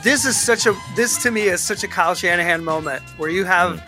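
A man's voice: sits high, fairly quick, faint music behind. A man co-hosting a casual sports podcast, ranting with lots of restarts and stammers. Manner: animated, ranting, frequent restarts. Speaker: podcast co-host.

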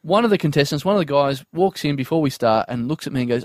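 A man tells a stand-up story in a casual podcast chat, slipping into quoted voices and laughing along the way. His voice sits fairly high. The sound is dry and close. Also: quick pace, few pauses, no room sound. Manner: animated, acts out quoted voices, laughs often. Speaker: comedian podcast guest.

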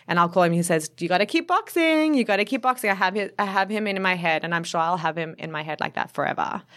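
A woman nutritionist talks as a guest in a relaxed chat. She has a somewhat low voice, speaks in quick, chatty bursts and laughs often. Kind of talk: casual chat.

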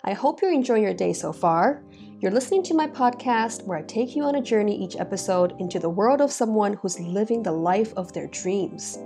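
A woman hosts her podcast with an upbeat, lively delivery, her voice croaky and gravelly from a cold. Her tone is dark and mellow, and her pitch swings widely as she speaks. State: hoarse from a cold. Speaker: podcast host. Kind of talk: podcast intro and interview.

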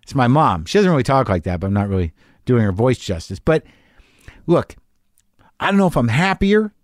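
A man in his fifties thinks out loud in a candid solo podcast monologue, rambling and self-deprecating, with plenty of cursing. His voice sits a little high for a man. It's recorded close on the mic, completely dry with no room sound. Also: dry recording. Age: 50s. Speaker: podcast host.

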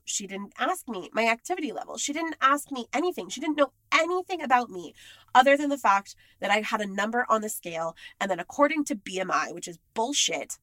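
A woman's voice: on the high side, lively intonation, fairly quick, pushed and bright, no echo. A woman talking candidly and with frustration in a casual monologue, emphatic and blunt.

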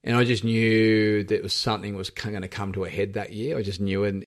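A low-pitched Australian man speaks as a podcast guest. His telling is candid and reflective, and he often breaks off and restarts mid-thought. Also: little pitch movement. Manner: reflective, halting, with frequent restarts. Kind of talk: candid personal storytelling.

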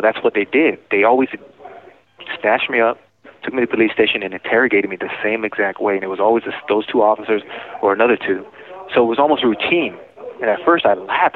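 A man's voice: lowish voice, fast. A man recounting his past over the phone, hesitant and restarting his sentences often. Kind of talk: phone interview. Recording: tinny prison phone line.

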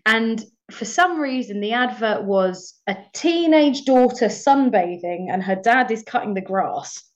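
In slightly muffled lo-fi audio, a young actress appears as a podcast guest, telling stories conversationally, laughing often, and reenacting what she once said. Her voice is on the high side, expressive, and unhurried.

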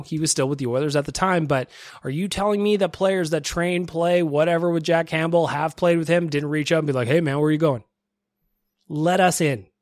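Podcast host guy, kinda high voice, rants and jokes around, dry close mic. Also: dry recording. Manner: energetic, joking, self-mocking. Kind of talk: casual sports podcast rant and ad reads.

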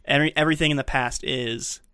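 A man's voice: mid-range voice, fairly even intonation, fast, sharp tone, smooth, no echo, studio quality. A man co-hosting a casual podcast, walking through a film scene by scene and dropping behind-the-scenes fun facts. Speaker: podcast co-host.

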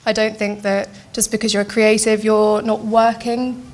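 A woman's voice: medium pitch, little pitch movement, moderate pace. A young woman, a poet, speaking as a panel guest in a self-mocking, jokey way. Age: young adult. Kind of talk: panel discussion.

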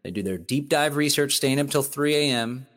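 A man streaming casual commentary while browsing, emphatic and animated, full of exclamations. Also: medium pitch, normal speed. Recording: long reverb, echoey room.

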